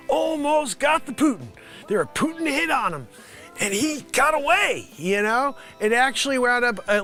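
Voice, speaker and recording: A man's voice: extremely high pitch, bright, forceful tone. A man hosting his daily livestream, delivering a comedic monologue as a mock news report.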